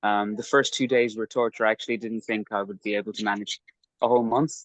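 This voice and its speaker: A man's voice: fairly low pitch, fairly even intonation, fast talker, no room sound, dull audio. A man in casual podcast chat, telling a rambling, self-mocking story about his training. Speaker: podcast guest recounting training.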